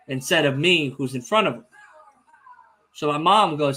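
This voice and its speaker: Young guy hosting a wrestling watch-along, high bright voice, excitable, swears a lot. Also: normal speed. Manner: excitable storyteller, swears freely, teases the chat. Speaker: podcast host. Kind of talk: casual watch-along chat.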